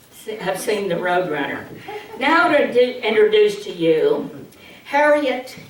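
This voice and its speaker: A woman presenting a public speaking workshop, slow, humorous and instructive, heard from a distance in an echoey hall. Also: medium pitch, very animated. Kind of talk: public speaking training demo. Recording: distant mic in an echoey hall, faint hiss.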